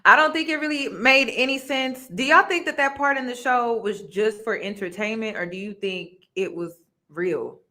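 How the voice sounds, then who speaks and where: A woman hosting a casual chat about a reality show, expressive and laughing, speaking to viewers directly. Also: on the high side, moderate pace. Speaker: host.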